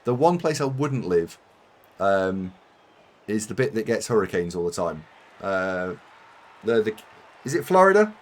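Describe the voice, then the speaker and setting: A man's voice: on the low side, very animated, measured pace, long pauses. British streamer guy chatting to chat, chatty and self-mocking, voice jumps around a lot. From United Kingdom. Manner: chatty, rambling, self-mocking with frequent laughs. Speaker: game streamer. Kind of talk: live-stream chat while gaming.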